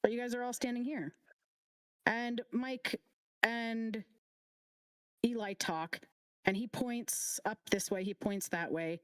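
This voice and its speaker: A woman running a tabletop game as game master, narrating scenes in a casual way with quick asides. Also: a little high, fairly even intonation, clear, resonant tone, dry recording, rough recording.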